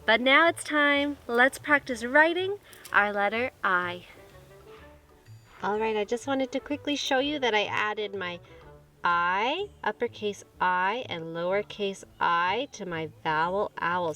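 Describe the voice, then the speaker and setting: A woman's voice: mid-range voice, animated, takes it slowly, sharp tone, faint music behind. A woman teaching a kindergarten lesson, talking cheerfully and coaxingly straight to young children.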